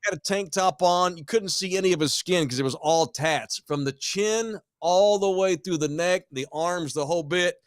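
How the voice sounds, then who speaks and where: A man's voice: sits high, moderate pace, hardly any pauses, dry recording, clean studio sound. A man, hosting a podcast and telling a story casually with lots of swearing. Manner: profane, animated storyteller. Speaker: podcast host.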